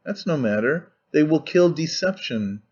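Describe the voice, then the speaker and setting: A man voicing an intense, brooding young man obsessed with one idea, earnest and halting as he speaks. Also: on the high side, animated, darkish tone, slightly rough, muffled recording. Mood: fervent. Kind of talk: audiobook character reading.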